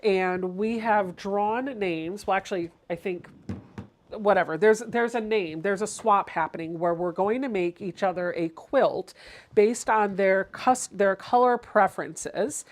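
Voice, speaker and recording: A woman's voice: medium pitch, a little slow. A woman hosting a casual sewing livestream. She chats through each step and reads viewer comments aloud.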